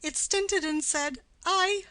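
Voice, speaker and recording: A woman's voice: slow, no room sound, full character voice, low-quality recording. A woman reading as a rambling old nurse. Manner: rambling, high and loud when excited. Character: garrulous old female nurse, rambling, doting. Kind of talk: audiobook play reading.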